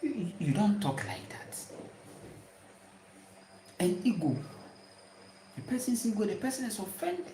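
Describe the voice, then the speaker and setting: A woman's voice: mid-range voice, big pitch swings, measured pace, pauses often, mellow, a little hiss or hum. Emphatic Ghanaian woman in an echoey room. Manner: emphatic, repeats words, stammering restarts. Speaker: spiritual teacher. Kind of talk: casual spiritual talk. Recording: roomy echo.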